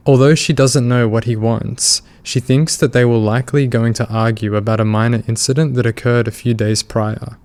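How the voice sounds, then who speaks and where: A man reading a scripted true-crime narration in an even, measured way. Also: mid-range voice.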